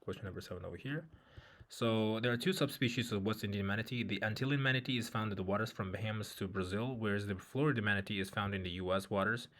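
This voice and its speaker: A man's voice: lowish voice, fast talker, a bit bright. A man working through an exam reading passage, thinking aloud with many fillers and restarts. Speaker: IELTS tutor. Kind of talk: walkthrough of a reading test.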